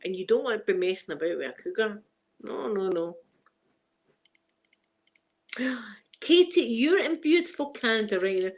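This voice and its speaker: A woman's voice: on the high side, expressive, brisk. Scottish woman, live-stream host, rambling chatty delivery, laughs easily. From Scotland. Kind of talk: casual chat with live viewers.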